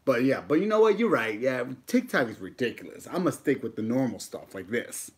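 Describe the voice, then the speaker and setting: A man's voice: mid-range voice, very animated, brisk. A man in his thirties from the United States, chatting casually and joking while eating on a live stream, swearing freely. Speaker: mukbang YouTuber.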